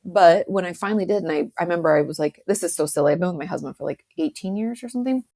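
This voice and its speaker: Chatty woman with a gravelly low voice. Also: rapid-fire, warm tone. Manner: chatty, many "like" fillers, acts out quotes. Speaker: guest, author. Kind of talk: casual podcast conversation.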